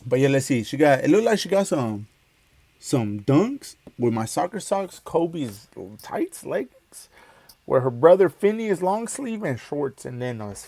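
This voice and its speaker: A man's voice: a little high, very animated, a little slow, vocal fry, no echo. A young man hosting a reaction video, joking and talking back to the screen in casual, cursing chatter. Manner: joking, talks back to the screen, swears freely. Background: loud song playing.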